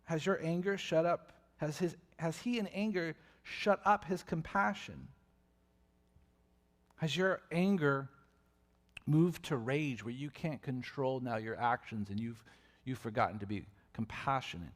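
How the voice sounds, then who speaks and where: A man preaching a sermon as pastor, animated and swinging between loud and soft as he acts out questions. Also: on the high side, a little slow. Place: church sanctuary. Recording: long reverb of a church hall.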